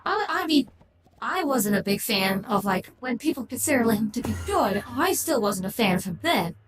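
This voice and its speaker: A woman's voice: fairly high pitch, very animated, normal speed. A woman streamer chatting casually on a livestream, rambling and opinionated, often restarting her sentences. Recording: echoey room with clear background noise.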